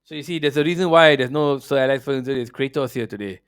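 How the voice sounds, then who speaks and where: A man's voice: medium pitch, fast talker, clean tone, no room sound, studio quality. A man hosting a football podcast, ranting brashly and profanely in casual opinionated chat, slipping into mocking voices.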